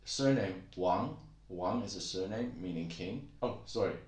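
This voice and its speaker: A man giving a casual spoken lesson on pronunciation, relaxed and halting, with many fillers, slowly demonstrating sounds. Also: low-pitched, echoey room, heavy background noise. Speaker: language teacher.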